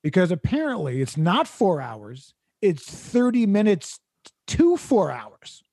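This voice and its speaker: High-voiced man telling a sarcastic story. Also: huge pitch swings, slow pace, gravelly, dark tone, no echo. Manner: sarcastic, exasperated, laughs through his story. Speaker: podcast host. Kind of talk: comedic storytelling rant.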